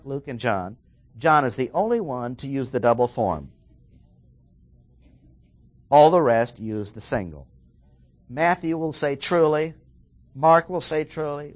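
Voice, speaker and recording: A man preaching a verse-by-verse sermon, emphatic and slowing down to stress the key words. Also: mid-range voice, no room sound.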